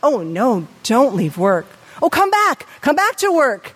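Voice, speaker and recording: Fretful pleading male deity, put on by a woman, high voice, long hall reverb. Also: very animated, a little slow, breathy edge, heavily acted. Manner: fretful, begging, repeating himself. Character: pleading male deity coaxing a worker back.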